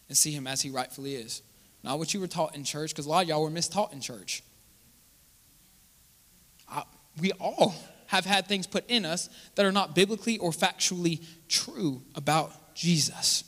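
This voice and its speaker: Pastor guy preaching, high bright voice, asks the crowd stuff then answers it, long reverb in a big church hall. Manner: preaching with call-and-response questions to the congregation; swings between loud exclaiming and quiet asides. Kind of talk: sermon.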